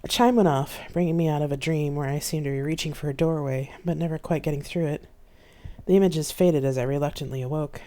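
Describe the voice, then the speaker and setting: An author reads their own novel aloud on a live stream in a mellow, soft-toned voice. The delivery is steady and plain, telling the story in the first person. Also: medium pitch, a little fast.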